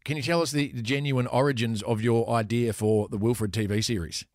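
A man's voice: mid-range voice, steady tone, fairly quick, a little mellow, dry recording, clean studio sound. An Australian man co-hosting a casual interview, hesitant and full of fillers. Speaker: podcast co-host.

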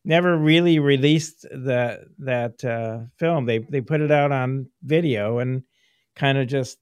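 A man's voice: medium pitch, a little slow, smooth, no room sound. A middle-aged man hosting a casual interview, rambling and laughing often as he reminisces. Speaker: podcast host, former filmmaker.

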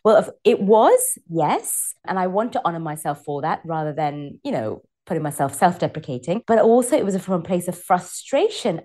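A woman's voice: lowish voice, a little mellow. Reflective woman guest on a podcast. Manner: reflective, weighing her words with small restarts. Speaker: podcast guest, former family doctor and meditation teacher. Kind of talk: casual podcast interview.

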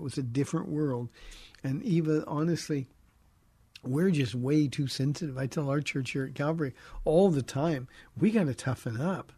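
A man's voice: a little high, mellow, breathy edge, no echo. A man in his fifties, a radio pastor answering listener questions, teaching in a direct, earnest way that often restarts words. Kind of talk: conversational radio Bible teaching.

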